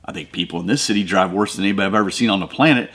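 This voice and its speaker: A man's voice: deep voice, rapid-fire, a bit bright. Midwestern man giving casual devotional talk. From American Midwest. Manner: conversational, preacherly build-ups with rising emphasis. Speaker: podcast host.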